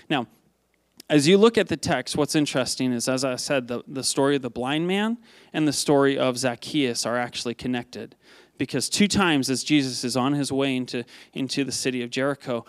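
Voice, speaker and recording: A male pastor preaching a conversational sermon to a congregation, lively and prone to repeating words as he asks them questions. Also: a little high, dry recording.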